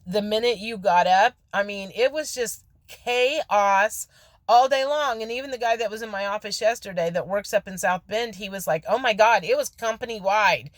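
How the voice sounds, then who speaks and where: A woman talks straight into her phone in a casual, candid vlog, telling stories and acting out everyone's lines. Her voice sits in a middle range. The sound is close and dry, with no room echo. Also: mid-range voice. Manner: chatty, candid, acts out quoted dialogue. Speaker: spiritual vlogger. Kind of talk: casual storytelling monologue. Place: office.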